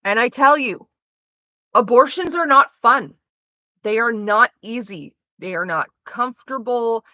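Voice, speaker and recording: Young woman, candid streamer chat, sharp bright tone, curses a lot; dry, slightly muffled close mic. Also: fairly high pitch, unhurried, no room sound. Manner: blunt, profane and animated.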